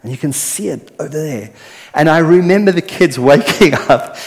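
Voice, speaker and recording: Animated male preacher in a reverberant hall. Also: a little high, normal speed. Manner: earnest, animated storytelling with swings between loud and soft. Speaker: pastor. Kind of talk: sermon.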